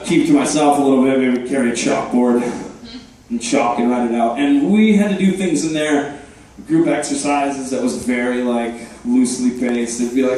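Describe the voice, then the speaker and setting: A man doing a deadpan, self-deprecating stand-up set on a club stage, hosting the show and dropping quick asides. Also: medium pitch, far from the mic. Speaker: stand-up comedian and host. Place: comedy club stage before a live crowd. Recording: echoey room, voice from afar.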